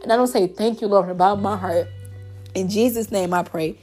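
A woman's voice: medium pitch, fast talker, warm tone. Young woman, tearful, heartfelt testimony, spoken prayer, repeats God and Lord, faint background music. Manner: heartfelt, repetitive, calls out God and Lord often. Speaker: faith vlogger.

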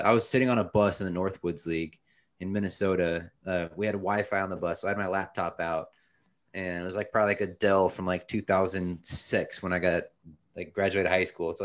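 A man in his thirties, a guest telling stories casually and rambling with lots of fillers. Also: deep voice. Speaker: guest, pro baseball pitcher. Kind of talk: casual storytelling.

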